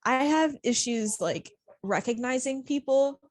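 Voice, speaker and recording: A woman's voice: high voice, measured pace, no room sound. A young woman co-hosting a podcast, telling a story in casual chat, rambling, laughing often and swearing freely. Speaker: podcast co-host.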